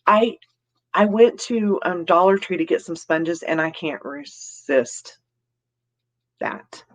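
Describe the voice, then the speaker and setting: A woman's voice: fairly low pitch, slow pace. A woman hosts a casual live stream and chats in a loose, rambling way. She reads out viewer comments and greets people by name. Giggles come often between her remarks.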